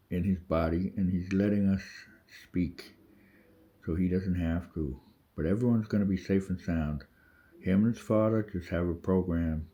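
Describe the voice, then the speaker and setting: Deep husky man rambling. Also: dark tone. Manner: rambling, profane, urgent, with many restarts. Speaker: vlogger. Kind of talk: rambling spiritual monologue. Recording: dull lo-fi audio.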